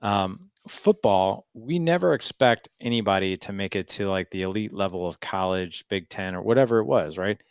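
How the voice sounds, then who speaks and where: A man in his forties with a low, gravelly voice tells a story as a podcast guest. He acts out the quotes with lively "I was like" asides. The sound is dry and close. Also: moderate pace, few pauses, no room sound. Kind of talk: storytelling interview.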